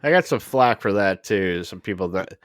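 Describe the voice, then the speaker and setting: A man with a very low voice co-hosting a podcast, swearing freely and bragging in a deadpan way. The sound is dry and close, with no room around it. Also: moderate pace, no echo. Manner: crude, profane, deadpan bragging. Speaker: podcast co-host. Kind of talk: casual chat.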